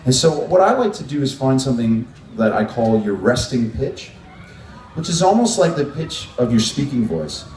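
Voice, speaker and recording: A man's voice: medium pitch, big pitch swings, moderate pace, darkish tone, far from the mic, slight background noise. A man running a vocal workshop at a music event, explaining breathing and resonance to a group. He demonstrates sounds as he goes. The room is echoey and he stands some way from the mic. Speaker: vocal coach.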